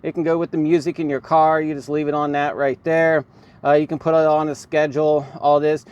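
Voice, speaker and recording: A man's voice: a little high, little pitch movement, brisk, a little mellow, smooth, muffled recording. A man talking casually in a how-to vlog from inside his car, rambling with lots of "um" and "right here" as he points things out. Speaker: car vlogger.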